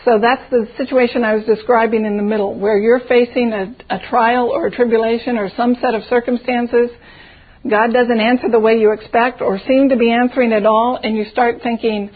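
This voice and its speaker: A woman's voice: fairly high pitch, steady tone, brisk, husky. A woman leading a conversational Bible study, reflective and full of rhetorical questions. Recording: tinny phone-like audio.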